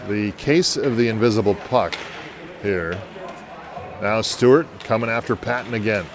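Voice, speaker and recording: A man's voice: fairly low pitch, normal speed, crowd noise. A man doing live play-by-play for an amateur hockey game, folksy and joking between plays.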